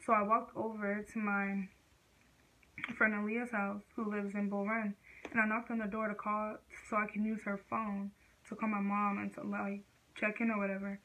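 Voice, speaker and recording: A woman's voice: medium pitch, level tone, normal speed, fairly bright tone, a little hiss or hum, poor audio. A teenage girl vlogger telling a personal story in casual, slangy speech full of fillers.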